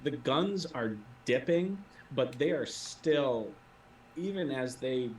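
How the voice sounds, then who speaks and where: A man's voice: mid-range voice, lively intonation, takes it slowly, a little mellow, a little hiss or hum. A man acting as game master, describing the scene and calling for dice rolls in a tabletop role-playing game. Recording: echoey room, voice from a distant mic.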